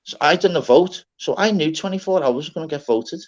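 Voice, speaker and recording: A man's voice: a little high, brisk. A man hosting a live stream, bragging and swearing in loose casual banter. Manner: boastful, slangy, swears freely. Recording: dull lo-fi stream audio.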